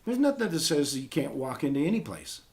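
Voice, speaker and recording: A man's voice: on the high side, very animated, fairly quick, a little mellow. A middle-aged man talking casually on a podcast, rambling with many ums and restarts.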